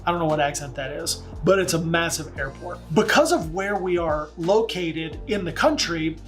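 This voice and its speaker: A man's voice: on the high side, normal speed, hardly any pauses, a bit bright, faint music behind. A man working as a real estate agent, talking in a chatty, folksy vlog manner with slangy asides. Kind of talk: casual vlog.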